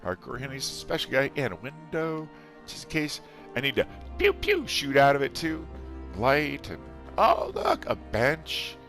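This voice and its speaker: A man's voice: mid-range voice, big pitch swings, a little slow, fairly bright tone, soft background music. A middle-aged man casually commentating a video game, rambling, amused at himself and chatting to his viewers. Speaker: let's play host.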